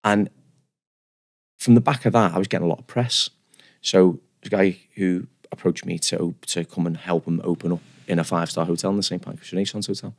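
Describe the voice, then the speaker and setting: On a casual podcast, the guest barber rattles off his stories quickly, restarting as he goes and poking fun at himself. His voice is on the low side and a bit gravelly, and his delivery is animated and rambling.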